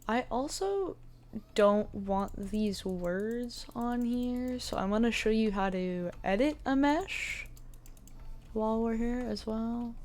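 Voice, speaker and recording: Slow, chatty woman teaching on screen. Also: a little high, a little mellow. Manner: slow, chatty, thinking aloud with many fillers. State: hiccups. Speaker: 3D modeling tutor. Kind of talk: casual screen-recorded tutorial.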